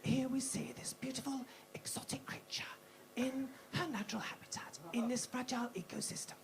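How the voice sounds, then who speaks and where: A hushed older male wildlife documentary narrator, put on by a woman in a whispered role-play. The voice stays low and breathy, murmuring in awe as if not to disturb an animal. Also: level tone, brisk.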